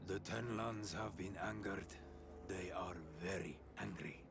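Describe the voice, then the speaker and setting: An actor playing a solemn native master hunter in a role-playing game, measured and grave. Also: male voice, low-pitched, fairly even intonation, vocal fry, crowd noise.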